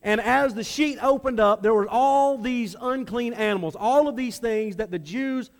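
A man with a high-pitched voice delivers a sermon to a congregation. He talks conversationally and often repeats words as he restarts a phrase. He slips into acted-out voices for the people in the story. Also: normal speed. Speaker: preacher.

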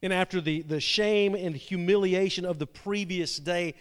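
A man's voice: high-pitched, fairly even intonation, unhurried, hardly any pauses, smooth. A man preaching a sermon, retelling a story dramatically and often repeating his words. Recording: long reverb from a large hall.

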